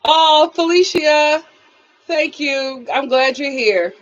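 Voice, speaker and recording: Her voice sits high and she takes her time, though the recording's upper frequencies are cut off. On her casual live stream she spins animated stories, acts out quotes, reads out viewer comments, and often breaks into laughter.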